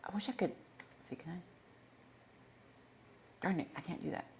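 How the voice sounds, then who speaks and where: A woman's voice: on the low side, normal speed, gravelly, a little mellow, whispered. A woman hosting a casual livestream Q&A, rambling and often stumbling over her words and correcting herself. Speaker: livestream host.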